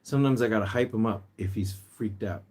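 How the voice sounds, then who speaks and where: A man hosting a casual livestream, chatting and reading viewer comments aloud, sometimes jumping into a high sing-song voice to coax his pet bird. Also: quick pace, darkish tone, breathy edge. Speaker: pet rescue livestream host.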